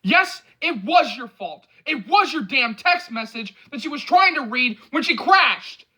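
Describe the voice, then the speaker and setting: A man doing a young male friend, yelling and scolding, high voice, bright edge, wide swings in pitch. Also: lively intonation, a little slow, full character voice. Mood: scolding, shouting.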